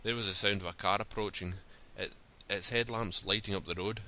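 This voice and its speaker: A man reads a story aloud in a steady, plain style. His voice sits fairly low but comes across forceful and sharp-edged. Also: brisk. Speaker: narrator. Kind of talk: storybook reading.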